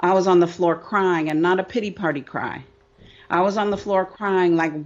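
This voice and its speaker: A woman's voice: on the low side, moderate pace. Middle-aged woman coach, candid and emphatic interview voice, dull recording. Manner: emphatic, repetitive, rhetorical "right?". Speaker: business coach and author.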